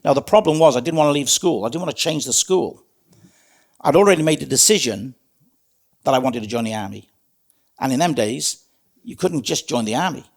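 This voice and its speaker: A man's voice: mid-range voice, animated, brisk, vocal fry, pauses often. A middle-aged man, telling his life story as a guest in an interview in an earnest, plain-spoken way. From South Wales. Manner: earnest, plain-spoken, calls the host mate.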